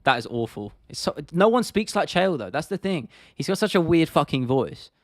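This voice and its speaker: A man's voice: a little high, very animated, normal speed, dry recording, clean studio sound. Laid-back young man. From United Kingdom. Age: 20s. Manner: laid-back, sweary, laughs often. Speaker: livestream host. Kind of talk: casual livestream Q&A.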